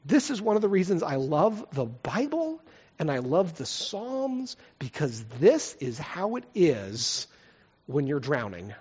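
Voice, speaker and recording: Impassioned pastor in a reverberant hall. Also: male voice, fairly high pitch, wildly swooping pitch, a little slow, breathy edge. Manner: impassioned, swings from loud dramatic reading to soft prayer. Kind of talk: sermon with scripture reading and prayer. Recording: lo-fi recording with long hall reverb.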